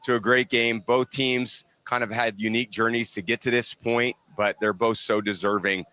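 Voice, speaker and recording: A man who works as a sports broadcaster, giving measured interview answers in a played clip. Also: medium pitch, fairly even intonation, pushed and bright, clean tone.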